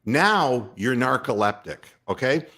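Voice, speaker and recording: An older man hosting a talk show, telling a story with big, lively leaps in pitch. He laughs often and drives the tale hard. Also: a little slow. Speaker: radio host.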